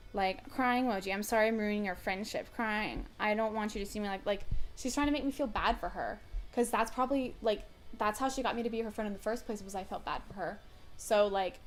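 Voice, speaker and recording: A young woman recording a storytime vlog on her phone camera at home, reading messages aloud in a blunt, firm, indignant way. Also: mid-range voice. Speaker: vlogger. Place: indoors at home.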